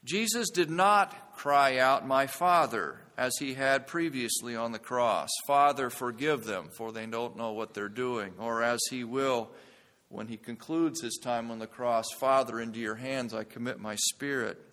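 A man's voice: medium pitch, measured pace, fairly bright tone. Earnest male preacher in a reverberant hall. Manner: earnest preaching, rising to intense emphasis. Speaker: pastor. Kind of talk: sermon.

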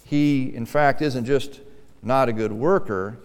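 A man delivers a sermon, his pitch sitting in an ordinary middle range. He drives his points home with swelling emphasis and slips into voicing churchgoers' small talk. The voice carries a long reverberant tail from a church sanctuary. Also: takes it slowly, a little mellow, clean tone. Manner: preaching with swelling emphasis, acting out quoted churchgoers. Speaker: pastor.

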